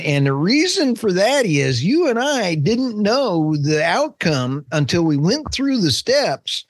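A man with an Oklahoma drawl co-hosts an energy podcast in casual chat. He talks in a folksy, joking, animated way, his voice sitting a touch high. The sound is dry and close, with no room around it. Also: no echo. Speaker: podcast co-host.

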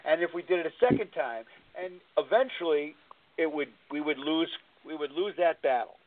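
Man, call-in show host, earnest and rambling, high voice, tinny lo-fi line. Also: moderate pace. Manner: rambling, earnest, repeats himself. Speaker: recovery talk show host. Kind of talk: call-in talk show storytelling. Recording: tinny phone-line sound.

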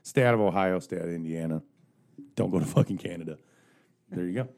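A man's voice: low-pitched, fast talker, vocal fry, a little mellow. A man ranting in casual podcast chat, profane and joking.

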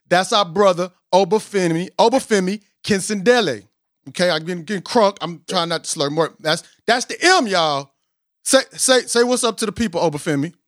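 Excitable male podcast host. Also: sits high, dry recording, clean studio sound. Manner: excitable, jumpy, breaks into bits of singing. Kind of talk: excited casual interview intro. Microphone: studio podcast microphone.

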